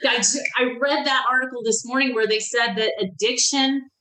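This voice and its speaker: This is a woman in her fifties with a bright, forceful voice, a guest on a podcast. She tells her own life story candidly and with emotion. She often breaks off and restarts her sentences. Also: on the high side, normal speed, rough recording. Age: 50s. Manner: emotional, animated when reliving moments, frequent restarts.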